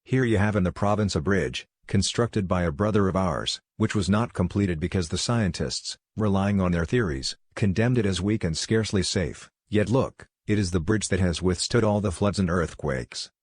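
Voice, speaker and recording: A man's voice: low voice, normal speed, few pauses, husky, no echo, clean studio sound. Padre Salvi, a man reading a hollow old friar. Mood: lecturing. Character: thin withered elderly Franciscan friar, stern.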